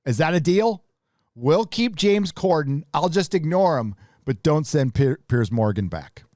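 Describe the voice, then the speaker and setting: A man's voice: a little high, big pitch swings, a little slow, a little mellow, dry recording, clean studio sound. Man ranting bluntly with a raised voice. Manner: casual, with restarts. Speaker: live stream host. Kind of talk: live stream commentary.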